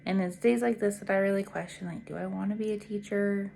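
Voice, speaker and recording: A woman's voice: mid-range voice, fairly even intonation, a little fast, gravelly, a little hiss or hum. Tired, frustrated young woman venting in a vlog. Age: 20s. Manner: frank, weary and venting, with frequent fillers and soft trailing words. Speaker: teacher vlogger. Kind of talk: personal vlog to camera.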